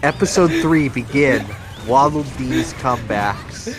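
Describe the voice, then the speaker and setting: A man's voice: mid-range voice, animated, measured pace. A man playfully reading a comedic fan fiction aloud, breaking into character voices.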